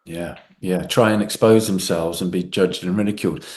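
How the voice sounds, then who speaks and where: A man in his forties chats as a guest on a podcast. He tells his stories in an animated way, laughing often and slipping into voices. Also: low voice, normal speed. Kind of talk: casual chat.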